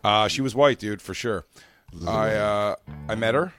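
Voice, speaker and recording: Low-voiced man teasing over music. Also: fairly bright tone, smooth, no echo. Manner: teasing and crude, quick to laugh. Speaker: comedy podcast co-host. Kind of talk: casual chat, teasing banter. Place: radio studio.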